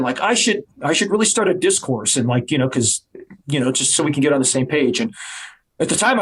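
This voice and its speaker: A man with a slightly high voice tells a long backstage story on a podcast. He is a wrestler guest in his forties, chatting casually. He jumps into the voices of the people he quotes as he goes. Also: breathy edge. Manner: animated storyteller who acts out quoted voices.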